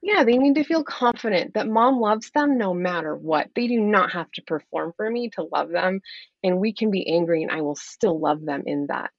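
A woman's voice: on the low side, moderate pace, no room sound, lo-fi sound. A woman life coach talking earnestly as a podcast guest, explaining her methods and acting out what she says to her kids. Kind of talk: podcast interview.

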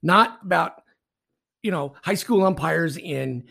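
A man's voice: on the high side, animated, takes it slowly, vocal fry, bright, forceful tone. A man, a retired referee and podcast co-host, telling blunt, profane stories in casual sports talk.

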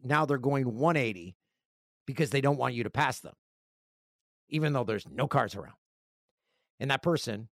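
A man's voice: medium pitch, dry recording, studio quality. A middle-aged man hosting a casual podcast, reading listener mail aloud and telling self-deprecating, joking stories. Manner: joking, animated storytelling with self-deprecating asides. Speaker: podcast host.

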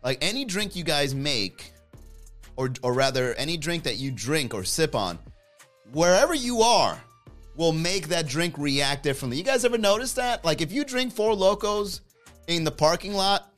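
A man's voice: on the high side, very animated, moderate pace, fairly bright tone, soft background music. A man hosting a livestream in casual chat, joking and rambling and laughing often. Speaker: livestream host.

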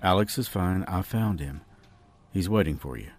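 A man voicing a soft-spoken, reassuring man with a quietly sinister edge in an audiobook, speaking low and hushed. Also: expressive, moderate pace, no echo, soft background music. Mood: soothing. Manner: hushed, low, soothing delivery. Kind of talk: audiobook character reading.

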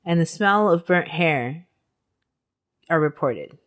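Lower-pitched woman telling a true-crime story. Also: lively intonation, takes it slowly. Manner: casual, swears, laughs often. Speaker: podcast co-host.

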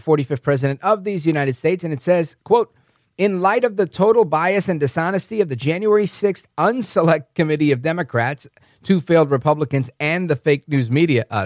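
A man hosting a political podcast, talking in a calm, conversational way and correcting himself as he goes. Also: fairly high pitch, dry recording, clean studio sound. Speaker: podcast host. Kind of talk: political commentary monologue.

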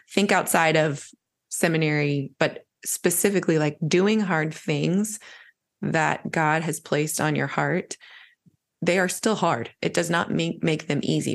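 A woman hosts a faith-centered chat in a low voice. There's a gravelly fry running through her words. She speaks to her guest in an encouraging way and keeps coming back to God's provision. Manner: warm, encouraging, talks about God. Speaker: podcast host. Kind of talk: casual faith conversation.

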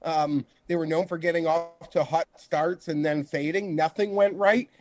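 High-pitched chatty male co-host. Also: fairly even intonation, moderate pace, a little mellow. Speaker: podcast co-host. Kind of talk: casual sports betting chat.

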